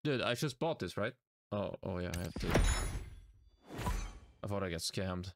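His voice sits low but is animated, at a normal speed with frequent pauses, as this young Swedish man streams a game live. With a Swedish accent, he talks to himself and his chat in an exasperated, self-mocking way. A little hiss or hum is audible.

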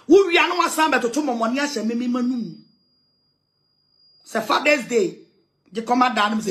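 A woman's voice: on the high side, a little fast. A Ghanaian woman evangelist making an emphatic, aggrieved complaint, repeating her points. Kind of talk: impassioned complaint.

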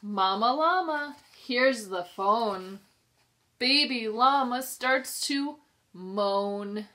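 A woman pre-K teacher reading a picture book aloud to young children, sing-song and expressive, pausing to ask them questions. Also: a little high. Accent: New York. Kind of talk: children's storybook read-aloud.

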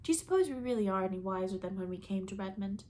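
A woman's voice: medium pitch, expressive, fast talker, warm tone, natural voice. A woman reading the part of a playful, dramatic young college woman who complains theatrically.

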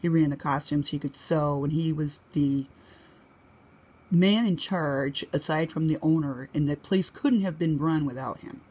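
Chatty husky-voiced woman from New England. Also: darkish tone. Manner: chatty, laughs often, acts out quoted lines in a higher voice. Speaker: vlogger. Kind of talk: casual rambling storytelling. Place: home.

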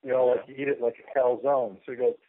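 A man's voice: mid-range voice, fairly even intonation, fast, no room sound. A man talking as a guest in a casual radio chat, rambling and joking as he tells stories. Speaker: guest artist. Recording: tinny phone line.

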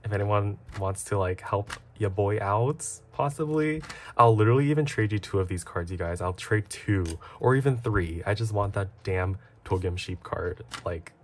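A man narrating a casual unboxing vlog, excitable and gasping often. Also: on the low side, moderate pace, slight background noise. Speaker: vlogger.

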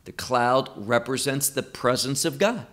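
A man teaching through a Bible passage verse by verse, speaking slowly and with emphasis. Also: medium pitch, fairly bright tone. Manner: slow, emphatic, quoting scripture verse by verse.

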